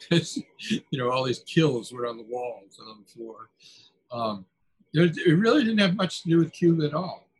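A man's voice: a little high, animated, moderate pace, slightly rough, low-quality recording. An older man, an author being interviewed, telling anecdotes in a chatty way, chuckling and restarting his sentences. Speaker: author guest. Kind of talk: conversational interview.

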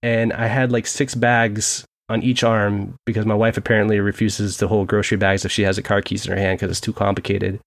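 A young man co-hosting a casual sports podcast from home, telling animated stories and laughing often. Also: lowish voice, brisk, hardly any pauses. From United States. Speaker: podcast co-host.

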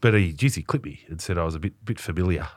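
A man's voice: deep voice, expressive, fast talker. An Australian man hosting a podcast, talking in a rambling, self-deprecating way. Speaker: podcast host. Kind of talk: casual chat.

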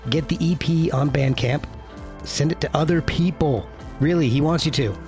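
A man's voice: on the high side, moderate pace, darkish tone, faint music behind. A man hosting a podcast, introducing his guest in a chatty, joking way. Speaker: podcast host. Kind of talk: casual podcast intro and chat.

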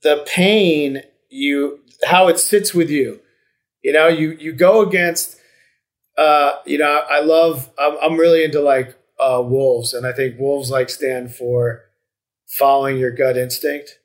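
A man's voice: on the high side, steady tone, measured pace. A man in casual podcast chat, talking in a reflective, rambling way with many restarts and fillers.

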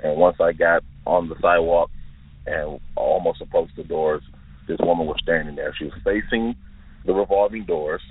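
Man in his twenties with a low, raspy voice, earnestly telling his own eerie encounter over a thin phone line. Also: steady tone, normal speed, dry recording. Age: 20s. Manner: careful, detailed, earnest storytelling. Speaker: listener sharing an encounter. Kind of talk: recounting a personal eerie experience. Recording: tinny dry phone-line recording.

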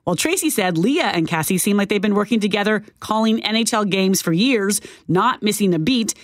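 A woman's voice: medium pitch, expressive, fairly quick, no room sound. Woman, talk radio co-host, mid-range voice, thoughtful and questioning, close dry studio mic. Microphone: studio microphone.

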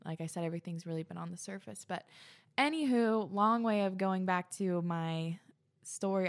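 A woman's voice: on the low side, a little mellow. A woman talking casually to her viewers, rambling and full of fillers, sometimes laughing at herself. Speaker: vlogger. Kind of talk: casual chat to camera.

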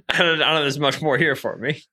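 Bright, enthusiastic man breaking down players. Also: on the high side, fairly quick. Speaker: football analyst. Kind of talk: casual podcast chat.

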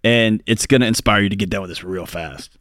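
A man's voice: fairly low pitch, fairly quick, a bit bright, no room sound, clean studio sound. A man hosting a call-in radio show, chatting casually and joking at his own expense. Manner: joking, self-deprecating.

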